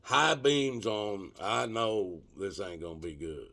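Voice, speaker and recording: A man telling a rough, profane story in casual spoken style, drawing out the dramatic moments. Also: on the low side, pushed and bright. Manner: profane, colloquial, drawn-out dramatic retelling.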